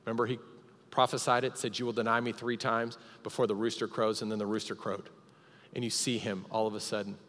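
A male pastor delivers a sermon at a live church service, retelling a story with dramatic emphasis and insistent repetition. His voice sits at a middle pitch. It trails off into the long reverb of a church hall. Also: a bit bright.

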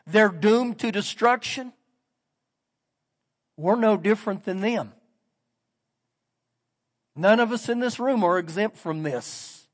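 Pastor guy preaching, voice sits pretty high, swings loud then hushed, church hall with a long echo tail. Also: slow pace, long pauses. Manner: animated, shifts between loud emphasis and quiet asides. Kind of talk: sermon with scripture reading. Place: church sanctuary.

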